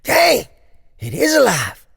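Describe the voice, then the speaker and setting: A woman voicing a brash, excitable young country boy who blurts his lines loudly. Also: fairly high pitch, normal speed, husky, no room sound, studio quality, voice pushed up, exaggerated voice. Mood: excited. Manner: loud, eager and blurting. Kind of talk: horror story reading.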